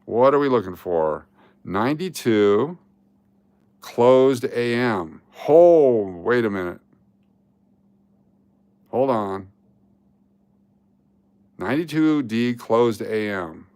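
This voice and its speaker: Sorting through coins on camera, this host has a deep, gravelly, fry-heavy voice and takes his time, leaving long pauses. His casual coin-hunting commentary is loose: he murmurs dates and mint marks, perks up at potential finds and groans when they fall through.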